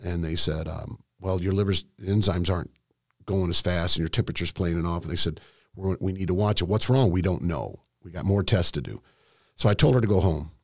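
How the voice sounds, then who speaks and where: Middle-aged man, deep and gravelly, halting emotional storyteller, dry sound. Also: no room sound. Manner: emotional, halting, many restarts. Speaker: estate planning seminar host, guest. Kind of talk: candid storytelling in conversation.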